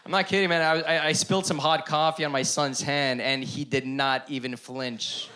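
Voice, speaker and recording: A man's voice: fairly high pitch, fairly even intonation, normal speed, sharp tone, smooth. A man performing a stand-up comedy set on a club stage before a live audience, talking animatedly and acting out the voices in his stories.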